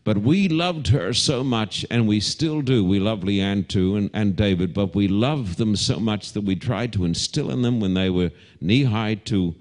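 A middle-aged Australian man preaching a televised sermon to a live congregation as pastor, animated and mixing homely asides and humor into his preaching. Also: lowish voice, a little slow, hardly any pauses.

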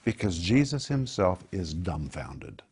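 A man preaching a sermon in an animated, emphatic way, posing rhetorical questions and answering them himself. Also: low voice, unhurried, breathy edge.

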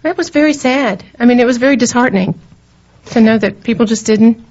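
Her voice is a little high and a little mellow, and she speaks briskly. She's a middle-aged Southern woman co-hosting a radio talk show, laughing and rambling through casual on-air conversation in a radio studio, heard on a dull lo-fi radio recording.

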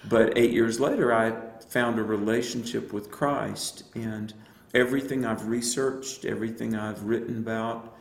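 A lower-voiced man with a gravelly edge tells his faith story earnestly, pausing often with fillers. His voice sits in a roomy studio space. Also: steady tone. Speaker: evangelist and apologist guest. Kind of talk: personal testimony in a radio interview.

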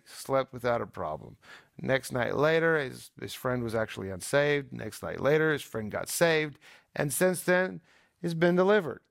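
A man on a talk show telling a story in an animated, emphatic way, often restarting his sentences. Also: on the high side, gravelly, no room sound, clean studio sound. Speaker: co-host.

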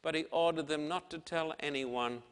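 A man preaching a dramatic sermon and reading scripture, swinging between loud declarations and hushed, soft passages. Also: fairly high pitch, normal speed, clear, resonant tone, in a large hall.

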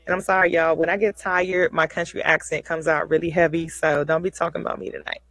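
A woman's voice: low-pitched, flat delivery, fast talker, vocal fry, a bit bright, no room sound, low-quality recording. A woman hosting a casual livestream show, chatty and folksy, often repeating herself.

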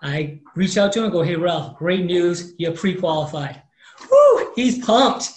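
This mortgage professional, a man in his fifties, tells a personal story as an interview guest at a moderate pace in a slightly high voice. He's an animated storyteller who acts out the people he quotes, and a roomy echo surrounds his voice.

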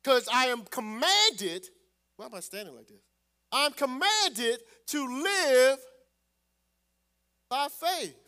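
A man preaching a sermon as pastor, calling out to the congregation and swelling loud on scripture. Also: very high-pitched, sing-song, takes it slowly, pauses often, clear, resonant tone.

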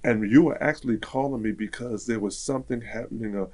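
A man's voice: mid-range voice, fast talker. A man telling a personal story in casual conversation, acting out the voices of people in it. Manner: animated, acts out quoted dialogue.

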